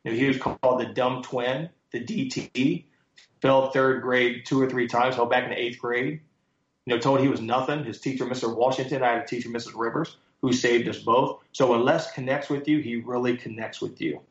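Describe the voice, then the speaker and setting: A man being interviewed as a guest speaker, telling lively stories and quoting others with emphasis. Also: mid-range voice, moderate pace. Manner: animated storyteller, quotes others with emphasis. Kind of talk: storytelling interview answers. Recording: echoey, muffled sound.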